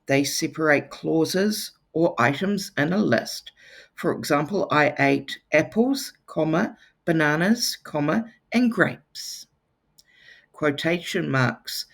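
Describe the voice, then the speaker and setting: A new teacher speaks to a class of children, playfully slipping teasing jokes between lesson points. Her mid-range voice is unhurried, expressive, and fairly bright, with a gravelly rasp.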